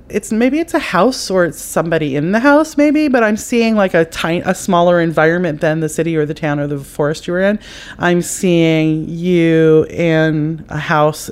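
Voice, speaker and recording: A woman hosting a podcast, giving spiritual advice in an unhurried, meandering way and speaking straight to the listener. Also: sits low. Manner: intuitive, meandering, addresses the listener directly; unhurried, with frequent fillers and self-corrections. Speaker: psychic advice podcast host.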